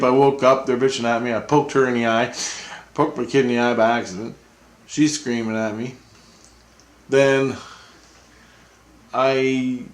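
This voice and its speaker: Guy rambling on about his night, laughs a bit, regular pitch, echoey room. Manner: rambling, chuckling. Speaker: vlogger. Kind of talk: rambling personal storytelling. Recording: roomy echo.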